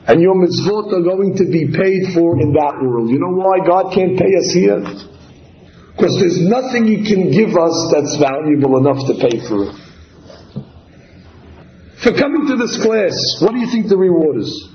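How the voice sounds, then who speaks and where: High-pitched guy giving a torah class, storyteller, echoey room, kinda muffled. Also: moderate pace, slight background noise. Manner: animated storyteller acting out dialogue. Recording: slightly dull, roomy recording.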